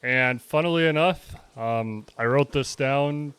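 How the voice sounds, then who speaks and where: A man's voice: mid-range voice, unhurried, fairly bright tone, clear, resonant tone. A man co-hosting a podcast in casual chat, laid-back and teasing. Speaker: podcast co-host.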